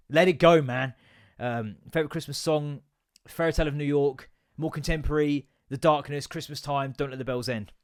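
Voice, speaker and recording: A man's voice: on the high side, fairly even intonation, normal speed. A man in his thirties hosting a solo comedy podcast, ranting and swearing with self-mocking asides.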